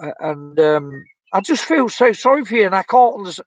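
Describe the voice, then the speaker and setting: High-pitched and very animated, a vlogger talks at normal speed while reading his live chat on a casual stream. He's blunt and heated, full of fillers and restarts, and the dull lo-fi audio is dry with no echo.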